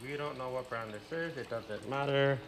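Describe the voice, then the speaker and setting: In a home kitchen, a man with a mid-range voice at normal speed gives a casual cooking demonstration. He explains the recipe step by step, chatty and playful, dropping in Spanish words.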